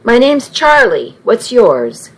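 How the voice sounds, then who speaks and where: A woman voicing a polite, kind young man who talks in a gentle, reassuring way. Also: on the high side, sing-song, takes it slowly, exaggerated voice, low-quality recording. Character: young man, kindly, polite stranger driver.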